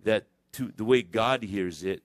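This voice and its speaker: A man preaching a conversational sermon in church, telling stories in an animated, digressive way. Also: fairly low pitch, measured pace, dry recording, studio quality. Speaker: pastor.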